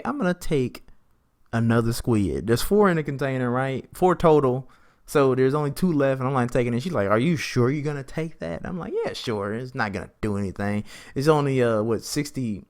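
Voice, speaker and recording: A young man hosting a podcast, telling a rambling, chatty story and acting out both sides of the conversations in a raised voice. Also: medium pitch. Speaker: podcast host. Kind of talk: casual storytelling.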